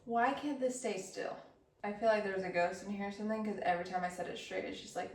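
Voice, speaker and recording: A woman's voice: mid-range voice, fast talker. A woman vlogging as she bakes, talking casually with a chatty, self-deprecating humor. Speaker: baking vlogger. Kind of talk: casual chat while baking. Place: cold kitchen. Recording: roomy, from a distance.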